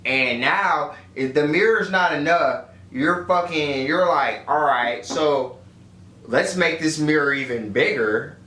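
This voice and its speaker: A man's voice: a little high, takes it slowly, bright, forceful tone. A young adult man co-hosting a casual podcast, slangy and profane, making his points emphatically. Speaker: podcast co-host. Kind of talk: casual chat. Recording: echoey room, somewhat far from the mic, faint noise.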